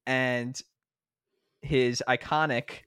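A young man in his twenties trades stories on a casual podcast, laughing often as he talks. The sound is close and dry, with no room around his voice. His pitch sits in an ordinary middle range. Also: extremely slow, clean tone, no echo. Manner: laughing, animated storytelling. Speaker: podcast co-host.

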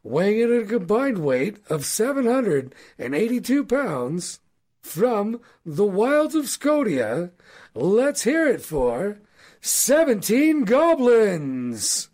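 A man doing a booming fight announcer. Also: very animated, darkish tone, heavily acted. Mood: hyped. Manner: drawn-out, hyped ring announcing.

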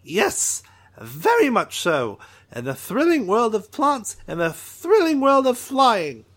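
A man voicing an excitable, chatty male alien creature who rambles and searches for words. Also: very high-pitched, slow pace, pitched above the performer's own voice, heavily acted. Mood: excited rambling.

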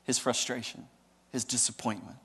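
A male pastor preaching a sermon in an animated, dramatic way, often asking the audience questions. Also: mid-range voice, normal speed, husky, big-room sound.

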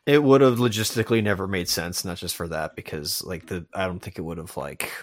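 A low-pitched male voice, fairly quick, with no echo. Co-hosting a podcast in casual discussion, he argues a point emphatically, rambling and cutting himself off as he goes.

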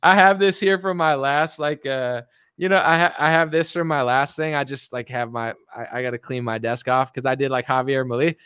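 A man's voice: mid-range voice, fairly even intonation, a little fast, fairly bright tone, smooth, no room sound, clean studio sound. A man ranting sarcastically on a casual livestream as a political commentator, rambling with constant fillers.

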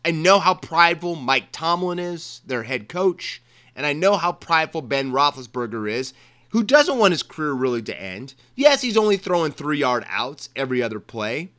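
A man's voice: a little high, sing-song, normal speed, bright, forceful tone. A man from Maryland hosting a sports show, giving casual football picks with joking asides and repeated phrases. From Maryland, USA. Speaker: sports podcast host.

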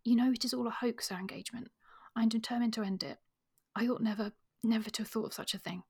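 Woman reading as a tearful young woman, remorseful, soft breathy hushed voice. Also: on the high side, fairly even intonation, fast.

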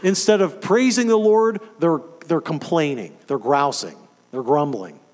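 A man preaching a sermon, animated and emphatic, firing off rhetorical questions to his listeners. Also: fairly high pitch, measured pace, big-room sound.

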